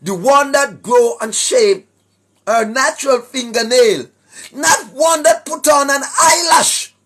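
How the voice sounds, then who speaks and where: A Jamaican man giving a preachy monologue to his viewers, emphatic, often shouting, tagging his points with questions. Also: extremely high pitch, takes it slowly. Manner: emphatic, often shouting, tags lines with "right?". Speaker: online commentator.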